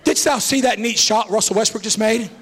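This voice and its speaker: A man's voice: sits high, a little fast, fairly bright tone, a little hiss or hum. A man putting on a prim, overly formal teenage boy who speaks in stiff, old-fashioned phrasing.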